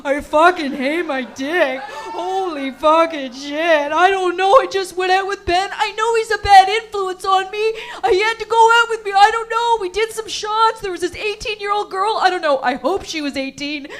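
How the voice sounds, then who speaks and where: A woman comedian voicing a panicked young man who loudly swears while begging his girlfriend's forgiveness. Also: extremely high pitch, normal speed, hardly any pauses, a little hiss or hum, pitched above the performer's own voice. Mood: frantic. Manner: frantic, loud, swearing. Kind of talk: stand-up act-out.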